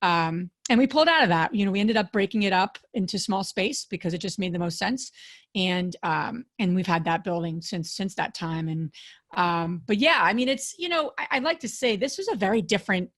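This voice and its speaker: A woman's voice: medium pitch, lively intonation, brisk, a bit bright. A woman guest on a podcast interview, a real estate investor, friendly and talkative with "you know" fillers.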